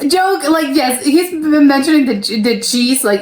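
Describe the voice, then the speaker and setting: A woman's voice: high-pitched, expressive, unhurried, darkish tone, roomy sound, a little hiss or hum. An American woman hosting a reaction video, talking casually and hesitantly, with lots of "like" and restarts. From United States. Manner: chatty and hesitant, full of "like" and restarts.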